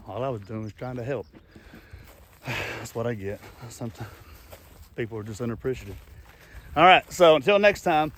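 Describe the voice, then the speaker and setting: There's a little hiss or hum behind this middle-aged man's medium-pitched voice as he hosts a casual nature vlog outdoors at a pond. As the channel host, he chats in a folksy, rambling style full of fillers.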